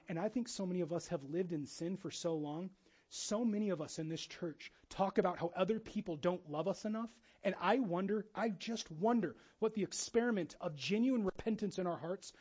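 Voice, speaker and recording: Pastor, man, high voice, conversational sermon, dull recording; hushed to urgent. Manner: conversational, acts out quoted voices, swings from hushed to loud and urgent.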